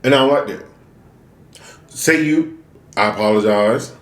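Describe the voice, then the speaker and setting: A man's voice: mid-range voice, measured pace, echoey room. A man chatting casually to viewers while eating, venting and asking rhetorical questions. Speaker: mukbang vlogger. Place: room, eating on camera.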